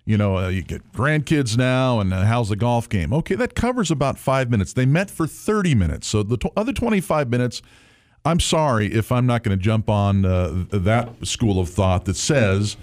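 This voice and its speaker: A male talk radio co-host who argues emphatically. His pitch rises and falls in a lively way. He sounds firmly opinionated. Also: moderate pace.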